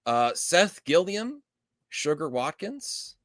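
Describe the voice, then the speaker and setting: A man hosting a podcast, chatting casually about movies with animated, opinionated rants and quick asides. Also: on the high side, no room sound, studio quality. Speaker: podcast host.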